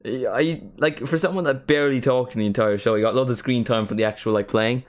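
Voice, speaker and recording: A young man with a medium-pitched voice streams a football watchalong, chatting briskly and casually. His live commentary rambles, is packed with "like" fillers, and sometimes turns into singing along.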